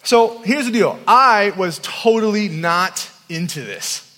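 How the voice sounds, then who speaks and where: A man's voice: high voice, animated, slow pace, bright, forceful tone. A man giving a storytelling sermon at a youth camp, self-deprecating and humorous. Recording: long hall reverb.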